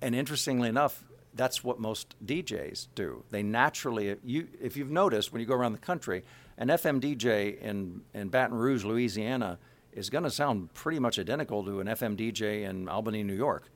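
A man from Kansas City, a voice actor, chatting in an interview with rambling, halting sentences full of restarts and asides. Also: on the low side, lively intonation. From Kansas City, USA. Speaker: voice actor guest. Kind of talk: casual interview chat.

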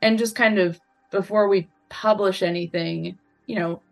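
Careful, halting woman journalist. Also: medium pitch, fairly even intonation, vocal fry. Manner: careful, halting, with many restarts. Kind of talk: interview answers.

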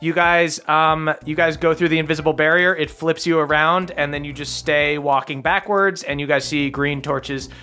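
Give me a bright-sounding man as a game master, laid-back and often laughing. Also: fairly high pitch, moderate pace, few pauses, clear, resonant tone. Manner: laughs often, relaxed descriptions. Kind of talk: narrating a tabletop game.

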